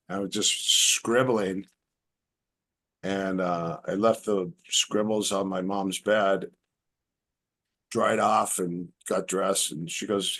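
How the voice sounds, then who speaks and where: Middle-aged male podcast guest, low voice, rambling anecdotal storyteller who acts out the quotes. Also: fairly bright tone, slightly rough. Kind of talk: casual storytelling.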